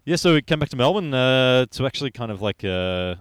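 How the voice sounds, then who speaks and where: A male podcast guest speaking in a measured way, with frequent hesitations. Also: medium pitch, animated, clean tone, no room sound. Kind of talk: casual chat.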